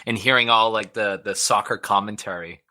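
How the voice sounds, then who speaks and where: A man co-hosting a comedy podcast, telling stories in an animated way. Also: fairly low pitch, a little fast. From Massachusetts. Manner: animated storyteller. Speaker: podcast co-host. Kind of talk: casual banter.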